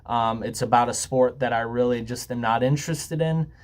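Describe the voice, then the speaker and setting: A man's voice: mid-range voice, moderate pace. Easygoing young man rambling with ums. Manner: rambling and joking with frequent ums and swearing. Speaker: YouTuber. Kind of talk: casual laid-back talk to camera.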